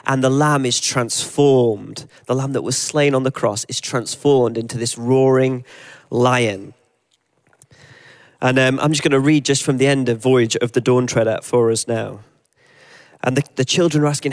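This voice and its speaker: A man preaching a sermon, reflective, reading passages aloud and slowing down for emphasis. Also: medium pitch, smooth. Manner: reflective, reads scripture and story aloud, slows for emphasis.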